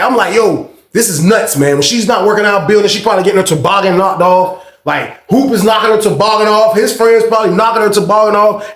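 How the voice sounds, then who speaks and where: A young man telling a casual storytime, animated and slang-heavy, swearing freely. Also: high voice, reverberant.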